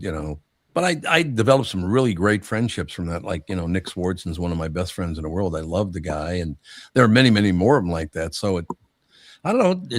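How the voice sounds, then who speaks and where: An older man hosts a casual live podcast chat, telling rambling stories and laughing along the way. His voice sits low, and it is recorded dry and close. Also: no echo. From United States. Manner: rambling storyteller, laughs often. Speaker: radio show host.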